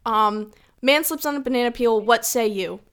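A young woman co-hosting a casual chat over a video call, giggly and rambling, her voice trailing off softly. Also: on the high side, normal speed, smooth. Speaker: co-host.

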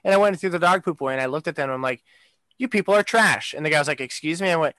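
Man, casual co-host, fairly high bright voice, dry close sound, rambling profane rants. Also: racing, dry recording. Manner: ranting, swears freely, filler-heavy. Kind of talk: casual chat.

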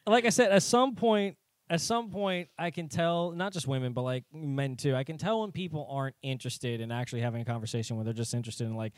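A man's voice: mid-range voice, fast, no echo, clean studio sound. Rambling, swearing man podcast host. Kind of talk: casual podcast chat.

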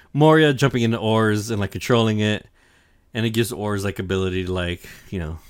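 A young man with a low voice co-hosts a podcast, chatting casually while recapping an anime arc. The retelling rambles, with swearing, heavy fillers and lines quoted in character voices.

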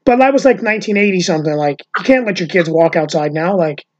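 A man's voice: sits high, lively intonation, fast, dull audio. A man in his fifties from New York hosting a casual podcast chat, rambling and swearing freely. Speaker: podcast host. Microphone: video call.

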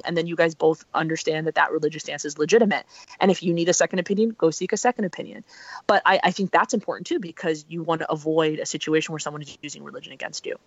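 Relationship coach on a podcast, earnest and emphatic, mid pitch, dry dull lo-fi sound. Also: no echo. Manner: earnest, emphatic, many fillers and restarts. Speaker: relationship consultant. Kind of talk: podcast guest advice.

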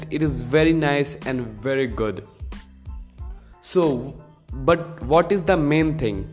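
A man hosting his own solo podcast, explaining in an earnest, repetitive way. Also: on the high side. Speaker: podcast host.

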